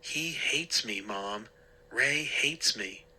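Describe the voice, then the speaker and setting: A man's voice: medium pitch, expressive, drawn-out words, pushed and bright, breathy edge, heavily acted, low-quality recording. A man voicing a whiny teenage boy who wails over his ruined shirts. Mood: wailing. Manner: wailing, whiny. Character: whiny upset teenage brother.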